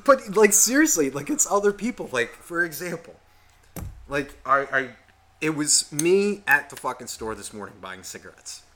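Bright-voiced man, animated, swearing constantly. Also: fairly high pitch, moderate pace, slight background noise. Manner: animated, heavy swearing, rambling storytelling. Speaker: podcast co-host. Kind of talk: casual profane chat.

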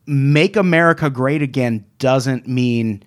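Brief: male co-host, casual and sarcastic, middle pitch, strong opinions. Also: slow pace. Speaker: podcast co-host. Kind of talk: casual chat.

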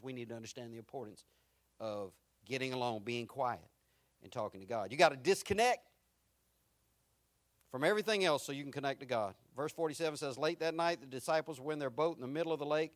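A man preaching a sermon, moving from quiet, reflective lines to loud, repeated build-ups. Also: medium pitch, dry recording. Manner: swings from quiet to rising, repetitive preaching. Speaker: pastor.

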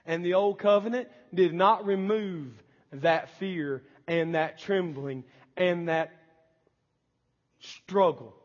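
A man's voice: high-pitched, slow pace, long reverb tail, dull audio. A man preaching a sermon as pastor, with impassioned delivery and pleading prayers acted out. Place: church sanctuary.

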